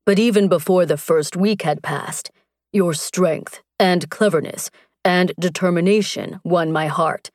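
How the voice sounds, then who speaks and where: A woman voicing an earnest, tender barbarian warrior man, speaking slowly and gently. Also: on the low side, no room sound, clean studio sound, natural voice.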